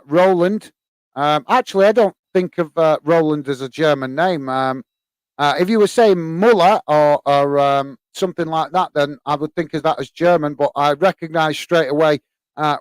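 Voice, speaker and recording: A man hosting a live football fan stream, reading out viewer comments and chatting back in a relaxed, rambling way full of fillers. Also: fairly high pitch, smooth, no echo. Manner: relaxed, chatty, many fillers, calls listeners mate. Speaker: host of a football fan channel.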